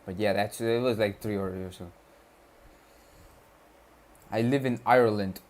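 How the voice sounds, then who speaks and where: Fairly low in pitch, steady and a little mellow, a young man from Kerala, India, who grew up speaking Malayalam, chats on a study livestream. He's slow and laid-back, voicing chat messages aloud with plenty of slang.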